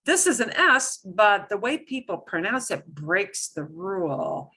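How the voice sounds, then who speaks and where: Bright, playful woman teaching a lesson. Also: medium pitch, a little slow, breathy edge. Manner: animated, playful exclamations while explaining. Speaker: Spanish teacher. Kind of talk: online beginner language lesson.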